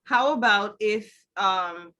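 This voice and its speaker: A woman hosting a relaxed talk show, at a mid pitch for a woman. She lays out scenarios, asks questions and teases her guest. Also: slow. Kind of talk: casual chat.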